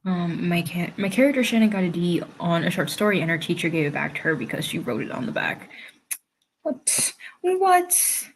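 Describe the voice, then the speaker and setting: A woman's voice: on the low side, fast, few pauses, slight background noise. A young woman hosting a casual livestream from home, chatting, reading viewer comments aloud and laughing often. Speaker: livestream host and writer.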